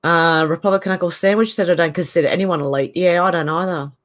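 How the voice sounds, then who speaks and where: A woman's voice: lowish voice, steady tone, fast. A middle-aged Australian woman hosting a casual livestream, reading viewer comments aloud in a chatty, opinionated way. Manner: chatty and opinionated, laughs often. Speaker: channel host.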